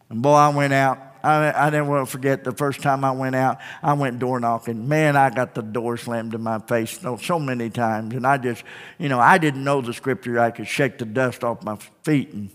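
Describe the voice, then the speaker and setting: A man's voice: medium pitch, fairly even intonation, moderate pace, fairly bright tone, in a large hall. A young man preaching a sermon in an auditorium, telling a story animatedly and acting out the voices of people in it. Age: young adult. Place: large auditorium.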